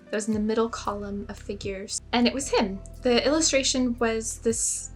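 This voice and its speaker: A young woman with a fairly high voice tells a personal story in a relaxed vlog. She is chatty and pokes fun at herself, and she fills her sentences with "like". Soft music plays faintly underneath. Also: moderate pace. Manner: chatty, self-mocking, lots of "like" fillers. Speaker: spiritual storyteller.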